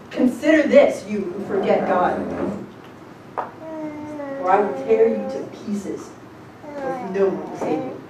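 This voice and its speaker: A woman preaches an informal sermon to her congregation. She reads scripture slowly, then turns blunt and casual. She is far from the mic in a very echoey room with clear noise behind her. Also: medium pitch, a little mellow. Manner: emphatic and blunt, shifting between slow scripture reading and quick casual talk. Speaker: rebbetzin teaching a congregation.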